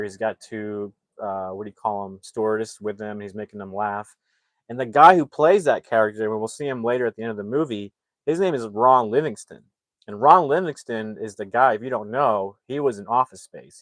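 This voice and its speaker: A movie reviewer with a lowish voice recaps a film plot during a casual livestream, rambling loosely and acting out the characters' lines as he retells it. There's no room sound.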